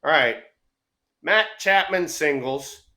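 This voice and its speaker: Middle-aged male co-host, lively swearing storyteller, slightly high voice. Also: slow pace, a loud crowd. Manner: animated storyteller, acts out voices, swears freely. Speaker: co-host of a baseball show. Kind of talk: casual storytelling chat.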